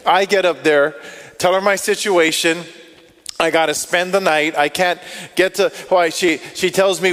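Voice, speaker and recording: A male pastor telling stories in a sermon, animated, acting out what people said and thought. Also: high voice, normal speed. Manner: animated, acts out quotes and inner thoughts. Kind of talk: storytelling sermon. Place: church sanctuary. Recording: long hall reverb.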